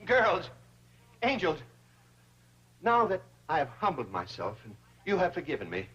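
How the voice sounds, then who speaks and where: An actor playing a fussy, scheming older banker who talks in pompous, flowery phrases in a sitcom. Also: male voice, fairly high pitch, huge pitch swings, a little slow, a bit bright, breathy edge, full character voice. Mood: groveling. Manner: pompous and flowery, then pleading. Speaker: bank president. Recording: dull old TV audio with hiss.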